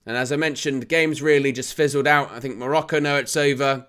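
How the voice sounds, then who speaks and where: A young man giving live football watch-along commentary as a channel host, calm between plays and rising to excited shouts at near misses. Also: mid-range voice, brisk, clear, resonant tone.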